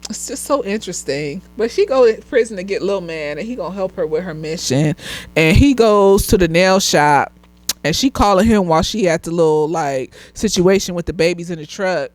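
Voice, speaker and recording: A woman's voice: on the low side, animated, moderate pace, no room sound. A slightly tipsy woman, animatedly reviewing a TV show in casual chat, laughing often and swearing freely.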